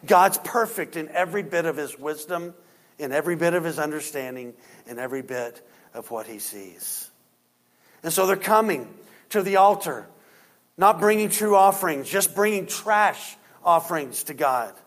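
A man preaching a sermon as pastor. He stresses points with rising force and drops low and quiet to read scripture. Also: lively intonation, moderate pace. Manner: preaching with rising emphasis, then dropping quiet for scripture reading.

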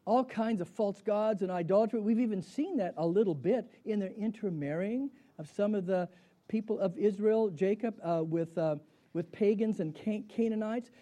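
A man's voice: sits high, normal speed, mellow. A middle-aged man teaching a Bible class in a conversational way, asking his students questions and answering them himself. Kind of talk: Bible study lecture.

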